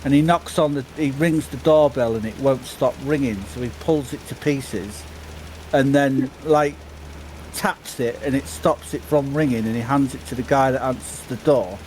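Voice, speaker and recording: A man's voice: medium pitch, moderate pace, a little mellow, slight background noise. A man with an English accent chatting casually with friends while gaming, often restarting his sentences and breaking into laughter. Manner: chatty, stammering restarts, bursts into impressions and laughter. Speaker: player chatting on a farming sim stream. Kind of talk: casual chat.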